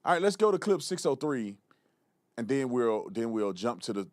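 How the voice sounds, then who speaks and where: A man's voice: mid-range voice, big pitch swings, normal speed, no echo, clean studio sound. A man hosting a live political commentary show, blunt and mocking in his remarks. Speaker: show host.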